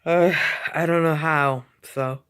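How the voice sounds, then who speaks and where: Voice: medium pitch, fairly even intonation, slow pace, fairly bright tone, clean tone. A vlogger chatting casually from a home basement, rambling and repeating itself with lots of fillers and frequent yawns. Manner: yawning often. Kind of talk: casual rambling vlog chat.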